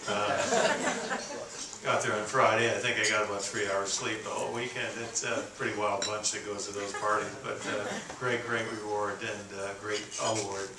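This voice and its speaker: Sixties man from Canada, keynote storyteller, low-ish bright voice, heard distant in a roomy hall. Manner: folksy, halting, many fillers and restarts. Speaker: keynote speaker. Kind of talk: storytelling speech. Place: conference hall. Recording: roomy, distant venue recording with faint ambience.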